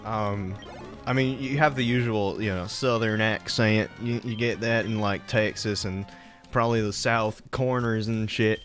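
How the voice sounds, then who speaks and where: A man's voice: fairly low pitch, steady tone, measured pace, a bit bright, soft background music. A young man streaming a game and chatting casually, rambling with lots of fillers and laughs. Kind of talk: casual chat while playing.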